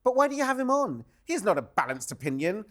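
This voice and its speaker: A man with a slightly raised pitch reads viewer comments on a panel show. He stays good-humoured and laughs along when the others mock him. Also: very animated, fast talker, a bit bright. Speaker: panel guest, political commentator.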